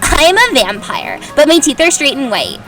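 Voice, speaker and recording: A woman voicing a melodramatic teenage goth vampire witch girl, reading slowly and over-dramatically. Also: high-pitched, big pitch swings, fairly bright tone, soft background music, voice pushed up. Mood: dramatic.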